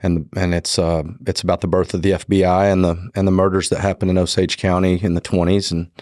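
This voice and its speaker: Podcast guest: very low-voiced man, Southern country drawl, easygoing and polite, close dry mic. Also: level tone, brisk, a little mellow, dry recording. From Oklahoma. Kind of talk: casual conversational storytelling.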